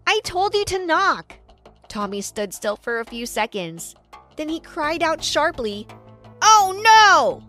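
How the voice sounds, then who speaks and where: Woman narrating a cartoon story, high bright voice, dramatic, soft music underneath. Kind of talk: scripted first-person narration.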